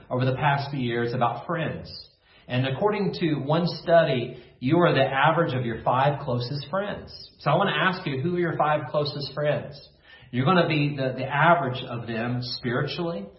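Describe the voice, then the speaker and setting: Echoey pastor calling for repetition. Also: male voice, on the high side, dull audio. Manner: call-and-response, asks listeners to repeat phrases. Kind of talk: online sermon devotion.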